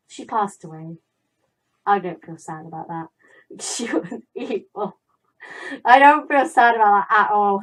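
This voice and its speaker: A young woman playing a visual novel, reading its text aloud and breaking off into chatty, animated stories. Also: medium pitch, low-quality recording. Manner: chatty, dramatic, animated storyteller. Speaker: gaming YouTuber.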